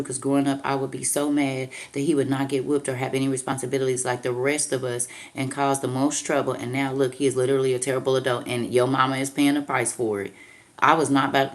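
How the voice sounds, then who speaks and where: Very low-voiced emphatic woman host. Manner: emphatic, preachy, repeats "I'm trying to tell you". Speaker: livestream host reading viewer comments. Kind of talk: casual livestream chat.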